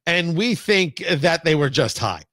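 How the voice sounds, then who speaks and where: A male talk show host delivers opinionated political commentary and goes off on sarcastic tangents. His voice is high and forceful, and it sounds close and dry, with no room around it. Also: big pitch swings, a little slow, dry recording. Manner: emphatic, sarcastic, digressive.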